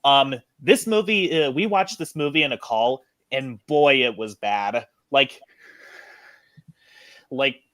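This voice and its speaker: A man's voice: mid-range voice, slow pace, a bit bright, no echo. A man hosting a podcast in casual chat, rambling with many fillers and restarts. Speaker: podcast host.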